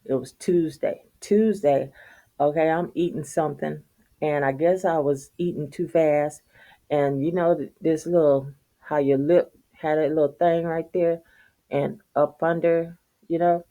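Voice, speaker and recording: Laid-back woman telling a story, mellow voice. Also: sits low, measured pace. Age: middle-aged. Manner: animated, profane, laughs often, talks to viewers as y'all. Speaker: vlogger. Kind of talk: casual storytelling to viewers.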